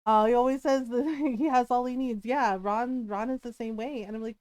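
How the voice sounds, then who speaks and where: A woman streamer chats to her live audience in a rambling, animated way, laughing easily as she goes. Her voice sits a little high and sounds smooth and clear. The sound is dry and close to the mic. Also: brisk, hardly any pauses, no room sound.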